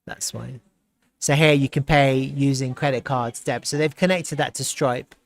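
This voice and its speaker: A man hosting a live stream, chatting casually and reacting with excitement and frequent laughter as he browses. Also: medium pitch, moderate pace, gravelly. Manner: excitable, laughs often, thinks aloud while browsing. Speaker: livestream host.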